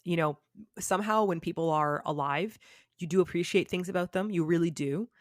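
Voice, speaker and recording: A woman's voice: fairly low pitch, a little fast, dry recording. Chatty woman on a dry mic. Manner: chatty, with many fillers and restarts. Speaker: podcast guest, YouTuber. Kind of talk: candid conversational interview.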